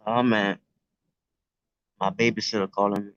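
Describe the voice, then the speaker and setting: A man's voice: on the low side, flat delivery, moderate pace, a bit bright, clean tone. A man with a New York accent, chatting casually and profanely on a live stream from his phone outdoors. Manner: loose, profane street talk. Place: outdoors near the beach. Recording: dry, dull phone audio.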